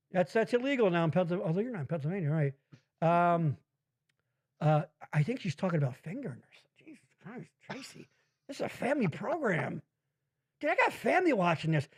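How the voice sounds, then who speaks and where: A man hosting a casual comedy podcast from his basement, profane and rambling, reading chat comments aloud. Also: high-pitched. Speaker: podcast host. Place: home basement.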